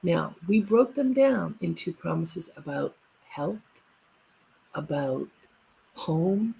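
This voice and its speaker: A woman's voice: fairly low pitch, animated, takes it slowly, vocal fry, mellow, husky, poor audio. A woman hosting a live inspirational broadcast, speaking earnestly and urging listeners on with repeated short commands. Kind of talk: motivational livestream talk.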